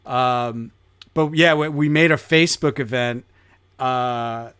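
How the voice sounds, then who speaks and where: A man's voice: mid-range voice, slow, fairly bright tone, clean tone, no echo. A man co-hosting a podcast in casual chat, laughing often and rambling with fillers. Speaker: podcast co-host.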